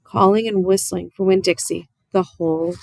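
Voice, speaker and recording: A woman calmly reading a children's novel aloud, narrating in a measured way. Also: fairly low pitch, creaky, no room sound. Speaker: audiobook reader. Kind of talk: storybook read-aloud narration.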